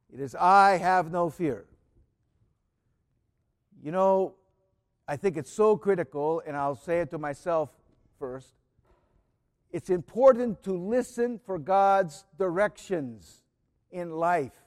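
A male preacher delivering a sermon in a fairly high voice at an unhurried, deliberate pace. He talks earnestly, repeats his key phrases and often sinks into soft, hushed tones. The sound carries the long reverb of a large church.

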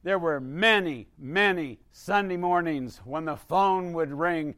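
An older male priest delivers a sermon with a slightly raised pitch. He talks to the congregation in a conversational, wry way, and he swings from emphatic bursts to hushed asides. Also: takes it slowly, no echo, clean studio sound. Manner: conversational, wry, rises to emphatic bursts then drops quiet.

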